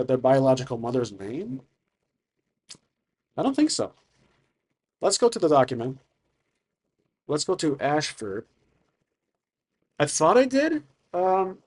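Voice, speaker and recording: A man's voice: a little high, husky. A man narrating his own solo tabletop role-playing game, thinking aloud casually. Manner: rambling, thinks aloud with fillers.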